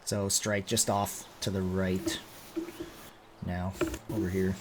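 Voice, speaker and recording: A man's voice: low voice, little pitch movement, slow, background noise. A man narrating as game master of a tabletop game, describing scenes casually, with many fillers.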